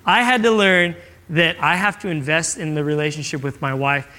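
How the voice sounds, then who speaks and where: A man's voice: fairly high pitch, fairly even intonation, moderate pace, sharp tone, long reverb tail. A young adult man giving a casual, conversational sermon, telling stories and acting out what people say. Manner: casual, conversational storytelling with acted-out quotes. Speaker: pastor.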